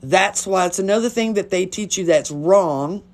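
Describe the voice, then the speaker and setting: A woman's voice: mid-range voice, moderate pace. A woman talking casually on a phone livestream, blunt and chatty, swearing freely. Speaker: livestream host.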